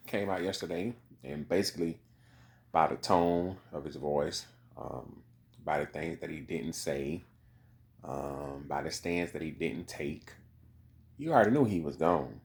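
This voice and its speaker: A man's voice: low-pitched, creaky. A man giving a rambling, casual commentary monologue, full of profanity and repeated "you know what I mean" asides.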